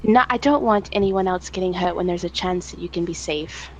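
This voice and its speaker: A woman voicing a determined woman, a former slave, who speaks in an emphatic, halting way. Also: lowish voice, a little mellow, slight background noise, lightly acted. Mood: impassioned.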